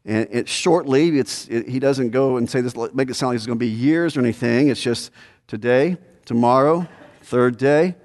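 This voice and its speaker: A man's voice: mid-range voice, moderate pace, darkish tone. A man preaching a conversational expository sermon, asking questions and pressing his points with emphasis. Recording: hall reverb.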